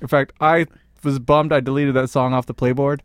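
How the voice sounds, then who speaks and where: A man's voice: medium pitch, level tone, brisk, clean tone, dry recording, clean studio sound. A man co-hosting a casual sports podcast, joking with the others. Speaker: podcast co-host.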